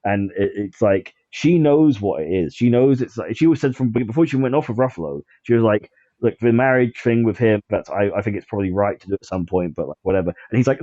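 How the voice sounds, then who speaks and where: A man's voice: fairly low pitch, quick pace, few pauses, warm tone, no echo, dull audio. A man chatting casually on a podcast, rambling with lots of fillers and restarts. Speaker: podcast guest.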